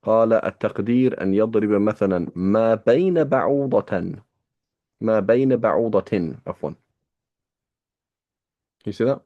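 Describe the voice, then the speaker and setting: A man's voice: fairly low pitch, fast talker, pauses often, phone-quality sound. A man teaching a small class, reading and explaining texts in a casual, rambling way and asking his students rhetorical questions.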